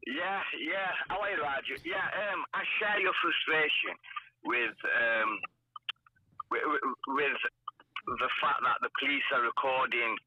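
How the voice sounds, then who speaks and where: A man calling in by phone, speaking haltingly with many fillers and restarts. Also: mid-range voice, pushed and bright. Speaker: phone-in caller. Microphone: phone call. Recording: muffled phone line with faint hiss.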